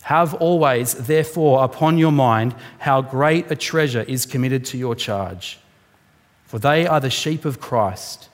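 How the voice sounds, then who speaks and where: A man preaching a sermon, his voice carrying a long hall reverb. He talks casually and with animation, slipping into quick little acted-out exchanges. His pitch sits in the ordinary middle range for a man. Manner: conversational, animated, acts out little scenes.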